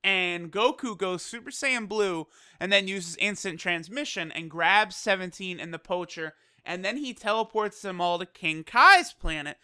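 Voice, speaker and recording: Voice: mid-range voice, unhurried, hardly any pauses, pushed and bright, smooth, no echo, clean studio sound. A casual anime episode reviewer recapping the plot, chatty and loose, swearing and laughing easily. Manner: loose, full of fillers like "you know".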